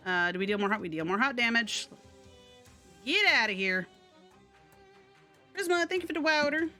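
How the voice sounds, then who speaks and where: A woman's voice: fairly high pitch, animated, normal speed, pauses often, bright, forceful tone, faint music behind. A woman streaming a video game live, chatting and muttering to herself with a casual, loose delivery.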